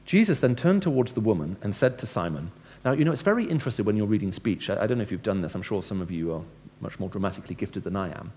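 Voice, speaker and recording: A Christian speaker, a man with a lowish, darkish voice, gives a lecture-style evangelistic talk to a live audience. He talks fast and animatedly with few pauses, speaking conversationally, asking his listeners questions, and acting out dialogue with shifting tone.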